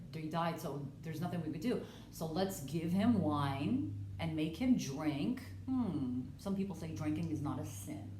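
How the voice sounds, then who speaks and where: Woman Bible teacher, lowish voice, earnest and conversational, echoey room. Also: slight background noise. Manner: earnest, conversational, stumbles and restarts, acts out dialogue. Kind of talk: casual Bible study talk.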